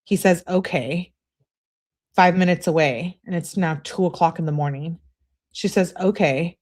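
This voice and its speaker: A woman with a somewhat low-pitched voice hosts a true crime channel. She reads text messages aloud one by one and breaks off to chat casually with her viewers about them. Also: a little slow, darkish tone. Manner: chatty, talks straight to her viewers. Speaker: true crime commentary host.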